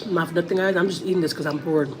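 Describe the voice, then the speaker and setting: A woman's voice: on the low side, steady tone, very fast, over music. A middle-aged woman with a Texas accent chatting casually to viewers on a family livestream, repeating words and using many fillers.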